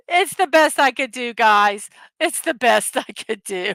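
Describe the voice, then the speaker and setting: A woman's voice: a little high, creaky, fairly bright tone, no room sound. A middle-aged woman hosting a casual daily morning show, chatty and giggly as she reads out silly memes. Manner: giggly, chatty, frequently laughing at her own jokes. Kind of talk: casual livestream chat reading memes.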